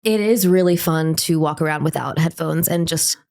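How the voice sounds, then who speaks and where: A woman co-hosting a podcast in casual chat, chatty and quick to laugh along. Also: deep voice, darkish tone. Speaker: podcast co-host.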